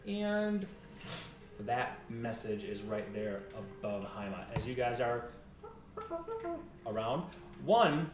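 A man narrating as game master in a rambling, lively way with many restarts. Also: mid-range voice. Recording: echoey room, mic far off.

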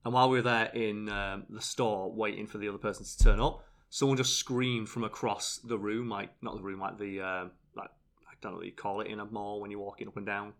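A man's voice: lowish voice, fairly quick. A British man hosting a casual podcast chat, telling stories animatedly. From Britain. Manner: animated storyteller, acts out voices loudly. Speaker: channel host.

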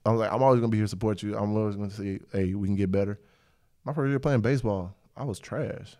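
A young man hosting a casual podcast conversation. His voice sits on the low side, and he drifts through stories with plenty of laughter. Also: fairly even intonation, fast, warm tone. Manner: rambling storyteller, laughs often. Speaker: podcast host. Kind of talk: casual chat.

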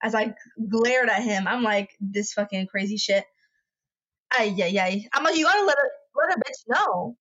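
A woman co-hosting a podcast, telling a story in a lively, profane, chatty way. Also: mid-range voice, moderate pace. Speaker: podcast co-host. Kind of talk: casual chat. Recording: dull lo-fi recording.

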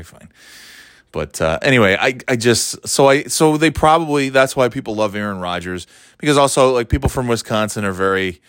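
A man's voice: medium pitch, fairly bright tone, dry recording, clean studio sound. A man from the northeastern United States hosting a solo podcast, rambling and ranting with sarcasm and plenty of swearing. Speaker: podcast host. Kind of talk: casual solo podcast monologue.

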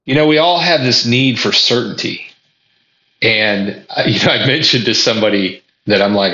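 A vlogger with a mid-range, sharp-toned voice speaks at normal speed, earnestly reflecting to the viewer on lessons he's learned. He often stumbles and repeats words while thinking, recorded in an echoey room with dull lo-fi sound.

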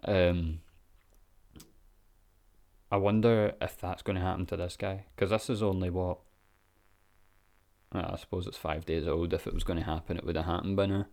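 A man's voice: low voice, flat delivery, moderate pace, vocal fry, pauses often, darkish tone. A Scottish man giving laid-back, sweary reaction commentary with lots of ums and chuckles. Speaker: vlogger.

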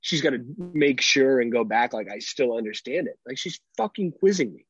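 A man co-hosting a podcast, telling animated stories about his toddler, swearing freely and laughing often. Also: medium pitch, normal speed, husky, no room sound, dull audio. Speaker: podcast co-host, father. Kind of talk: casual chat.

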